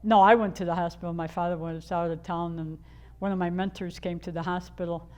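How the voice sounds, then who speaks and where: A woman's voice: on the low side, fairly even intonation, fairly quick, a little mellow, clean tone, highs cut off. An older woman from the Chicago area telling her own life story in a candid, rambling way, full of fillers and restarts. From Chicago area, USA. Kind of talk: personal storytelling.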